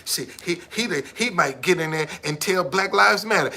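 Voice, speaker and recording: On a live stream, a man in his seventies who's missing a tooth delivers a profane motivational rant, swearing often and speaking emphatically. His voice is high, creaky, and sharp in tone, at a moderate pace.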